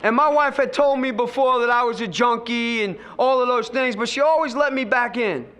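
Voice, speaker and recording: A middle-aged man tells his recovery story to a meeting in a high, tense voice. He leans hard on key words, repeats lines for effect, and talks straight to the listener. The delivery stays forceful and direct. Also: moderate pace. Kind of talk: personal recovery testimony to an audience.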